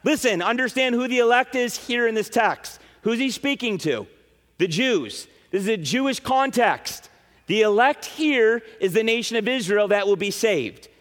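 A man preaching a sermon to his congregation in an animated way, with frequent "right?" asides. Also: high voice, moderate pace. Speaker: pastor. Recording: reverberant hall.

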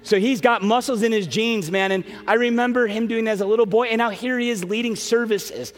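A middle-aged man preaching a sermon as pastor, telling an emotional family story with quick asides. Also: sits high. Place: large church sanctuary. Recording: long hall reverb, soft music behind.

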